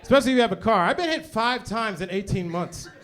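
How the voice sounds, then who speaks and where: A man performing an animated stand-up comedy set on a club stage, often tagging jokes with "right?". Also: sits high, fast. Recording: noisy live club recording. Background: audience laughter.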